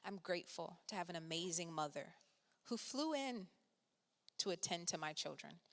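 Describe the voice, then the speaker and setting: A woman minister giving a gentle devotional talk and closing prayer, soft-spoken and unhurried. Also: on the low side, expressive. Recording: long hall reverb.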